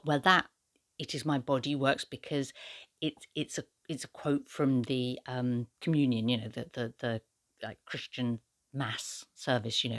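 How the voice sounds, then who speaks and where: Low-voiced chatty woman book vlogger. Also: fairly even intonation, moderate pace, gravelly, fairly bright tone, no room sound. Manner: chatty, hesitant, many fillers and restarts. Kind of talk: casual book review talk.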